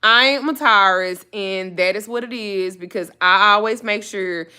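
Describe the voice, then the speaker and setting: Bright-voiced woman telling a story casually. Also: normal speed, smooth. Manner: profane and blunt, jumps up high when acting out her own panic. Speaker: host telling a personal story to viewers.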